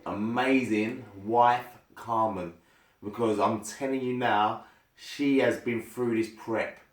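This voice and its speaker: A man talking in a casual, excitable and heartfelt thank-you vlog as a bodybuilder. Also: fairly low pitch. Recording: roomy echo.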